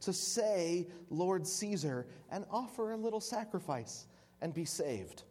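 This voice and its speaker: A man's voice: sits high, expressive, unhurried, a little mellow, pitched above the performer's own voice. A preacher voicing a Roman male police captain who pleads and wheedles with a prisoner. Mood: coaxing. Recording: long hall reverb.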